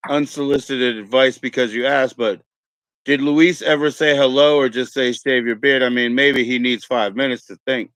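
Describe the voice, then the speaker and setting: A man's voice: medium pitch, fairly even intonation, moderate pace, a bit bright, smooth, no room sound. A man from California hosting a casual stream chat, easygoing and rambling, swearing casually as he talks. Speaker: streamer host.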